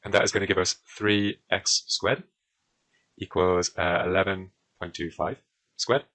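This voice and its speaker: A man's voice: low-pitched, fairly even intonation, a little slow, fairly bright tone, rough recording. A man with a British accent talking through a maths exam question as a tutor, often using fillers while he draws on a diagram. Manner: talks while drawing, with frequent fillers. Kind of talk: exam walkthrough lesson.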